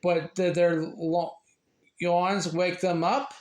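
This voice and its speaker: Slow, halting man reading aloud. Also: high voice, level tone. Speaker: reader sharing a book. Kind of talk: casual read-aloud of a children's book. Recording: echoey room.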